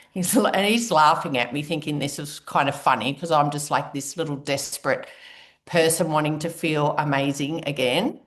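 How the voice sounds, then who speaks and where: A woman's voice: low-pitched, moderate pace. Chatty woman telling her story. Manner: chatty, animated storyteller acting out her own reactions. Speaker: guest speaker. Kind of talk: personal story talk.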